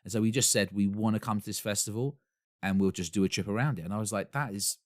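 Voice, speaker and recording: With a fairly low pitch and a fast delivery, this Essex-born podcast co-host tells stories keenly and laughs often in casual conversation. The recording is dry and clean, studio-grade.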